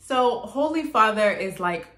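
A woman hosting her own channel, gently and earnestly explaining song lyrics line by line in a casual way. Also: mid-range voice, lively intonation, a little slow, echoey room, soft background music.

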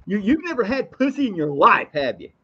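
A man's voice: high voice, big pitch swings, a little fast, a bit bright, a little hiss or hum. A man co-hosting a wrestling podcast, stammering and repeating words as he rants with heavy swearing. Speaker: podcast co-host. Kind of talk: profane wrestling podcast rant. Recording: dull lo-fi podcast audio.

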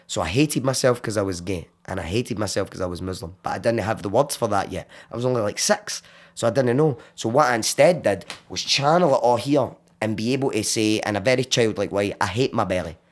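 A Glaswegian man from Scotland, a podcast guest who tells his story in casual chat, animated and swearing freely. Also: on the low side, fairly quick. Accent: Glaswegian Scottish. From Glasgow, Scotland. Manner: animated, swears freely, acts out quoted voices.

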